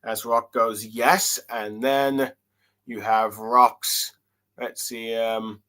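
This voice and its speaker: A man's voice: mid-range voice, fairly even intonation, drawn-out words, a bit bright, clear, resonant tone. Hesitant man recapping a manga chapter. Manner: hesitant, many fillers and restarts while reading along. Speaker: manga reviewer. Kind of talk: casual solo chapter review.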